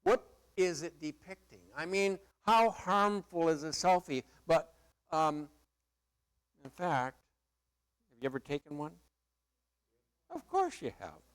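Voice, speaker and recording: A man's voice: on the high side, sing-song, slow pace, pauses often, clean tone. A middle-aged male pastor preaching a sermon in a conversational, emphatic way with playful asides.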